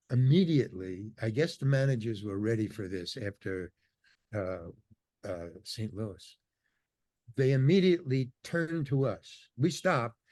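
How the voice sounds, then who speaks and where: Older male guest, animated storyteller, dry studio sound. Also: medium pitch, no room sound. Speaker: podcast guest. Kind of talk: casual storytelling interview.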